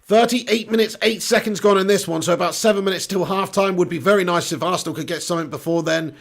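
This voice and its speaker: A watch-along host narrates a live football match for his audience, reading out their comments and swearing casually. His voice is high for a man with a rough, gravelly edge, and he bursts into fast, excited play-by-play whenever a chance arises.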